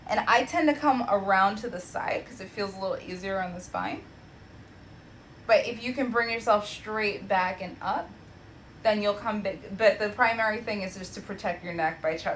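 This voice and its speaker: A young woman teaching a yoga class from home, giving gentle cues with chatty, encouraging asides. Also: mid-range voice, a little hiss or hum, rough recording. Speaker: yoga instructor. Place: home practice space.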